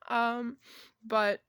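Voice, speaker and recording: A woman telling a personal story in a casual vlog, rambling and halting, with many fillers and restarts and soft laughs between thoughts. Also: on the high side, clear, resonant tone, no echo, clean studio sound. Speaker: vlogger.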